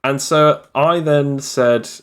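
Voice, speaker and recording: A man's voice: mid-range voice, takes it slowly. A man who runs a tabletop game, telling a story in casual chat with lots of fillers and restarts. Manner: animated storyteller, many fillers. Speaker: game master.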